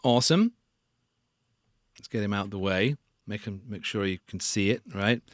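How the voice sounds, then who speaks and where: A man's voice: fairly low pitch, normal speed, no room sound, clean studio sound. A man hosting a casual live stream tutorial on sound design and joking about himself as he works. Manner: casual, self-deprecating.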